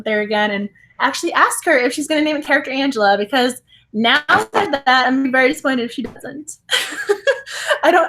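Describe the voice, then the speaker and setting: A woman chatting casually in a book vlog, excitable and giggly, rambling and correcting herself as she tells stories. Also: sits high. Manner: giggly and excitable, laughs often; rambling, self-correcting storytelling. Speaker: book vlogger. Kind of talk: casual chat.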